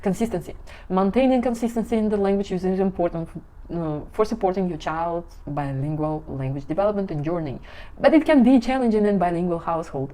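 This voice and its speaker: Woman, thirties, relaxed mellow tone, talks parents through examples in plain, slightly non-native English. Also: lowish voice. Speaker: parenting language educator. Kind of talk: casual informational talk.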